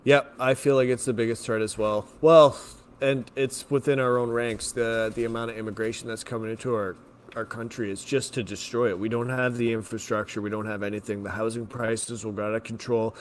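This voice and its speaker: A man ranting forcefully in casual political chat. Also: mid-range voice, flat delivery, brisk, a little hiss or hum.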